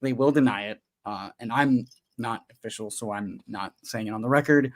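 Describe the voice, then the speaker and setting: A man guesting on a podcast, telling stories in an animated, joking way. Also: medium pitch, normal speed. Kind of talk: casual comedic chat.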